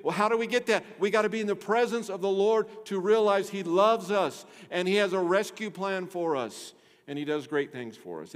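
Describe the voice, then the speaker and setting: A man preaching a sermon to his church, swinging between loud emphasis and hushed low tones, with a bass singing voice. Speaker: pastor. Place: church sanctuary. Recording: long hall reverb.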